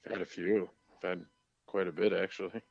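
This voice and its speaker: A deep-voiced man calmly recounting past events in a relaxed podcast talk. The sound is dull, a little lo-fi, and very dry. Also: a little fast, vocal fry, no room sound. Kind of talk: casual storytelling.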